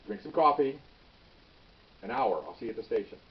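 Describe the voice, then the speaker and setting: A man voicing a kind, steady middle-aged male police sergeant who talks low, hushed and calm. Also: fairly quick, close to an everyday voice. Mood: calm concern. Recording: dull, slightly distant recording.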